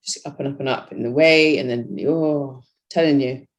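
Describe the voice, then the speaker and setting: A woman's voice: a bass voice, fairly even intonation, moderate pace. A young woman chatting casually as a podcast guest, talking about her bodybuilding training with lots of "you know" fillers. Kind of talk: casual chat.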